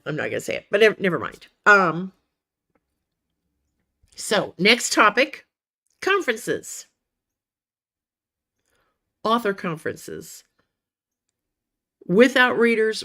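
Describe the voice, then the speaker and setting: A woman with a medium-pitched, slightly bright voice hosts a laid-back livestream for writers. She's chatty and encouraging, calling her viewers "honey" and "sweetie," though a cough keeps interrupting her now and then.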